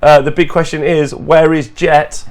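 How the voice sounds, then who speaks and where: A man's voice: fairly high pitch, flat delivery, unhurried, a little mellow. A man hosting a gaming podcast stream, chatty and rambling, laughing often and hiccuping. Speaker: podcast host. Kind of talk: casual livestream chat.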